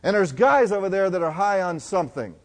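A middle-aged man preaching a sermon, telling stories and swinging from loud to hushed. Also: high-pitched, animated, fairly quick. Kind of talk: sermon storytelling.

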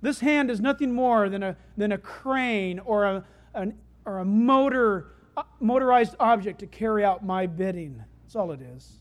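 A preacher telling homely stories in a sermon, talking in a conversational way that swings between loud, excited stretches and hushed, quiet ones. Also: mid-range voice, moderate pace. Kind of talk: sermon with storytelling.

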